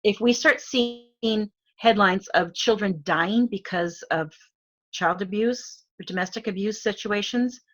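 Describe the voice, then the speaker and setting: In a mid-range, fairly bright voice that runs a little slow, a middle-aged guest from Arizona chats casually with an Arizona accent. She fills her speech with fillers and laughs a lot.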